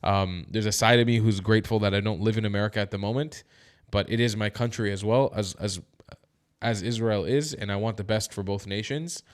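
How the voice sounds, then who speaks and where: A commentary vlogger with a lowish voice talks fairly quickly, giving heated, emphatic news commentary directly to his viewers. He sounds tired and yawns.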